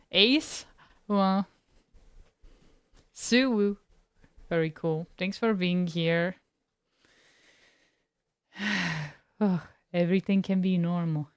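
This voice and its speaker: A woman's voice: mid-range voice, clean tone, no echo, studio quality. A woman streamer chatting casually with her live viewers, laid-back and giggly, greeting people by name. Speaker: game streamer.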